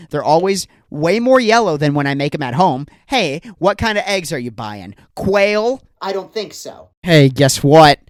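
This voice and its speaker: A man's voice: fairly high pitch, no room sound, clean studio sound. A young man hosting a comedy podcast, ranting in a mock-angry way with lots of rhetorical questions. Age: young adult. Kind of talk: solo comedic rant.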